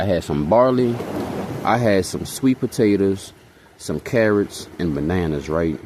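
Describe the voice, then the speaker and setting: A young man from Hawaii tells rambling, slangy, profane stories in a casual vlog monologue, constantly checking in with listeners by saying "you know what I'm saying." His voice is low, and the background is noisy.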